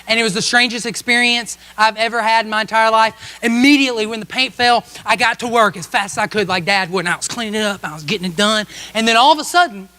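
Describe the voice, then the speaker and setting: A pastor with a very high, bright, forceful voice delivers a self-mocking story to his congregation. He keeps the tone light and comic and checks in with the room with quick asides. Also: smooth. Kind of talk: storytelling sermon. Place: church service.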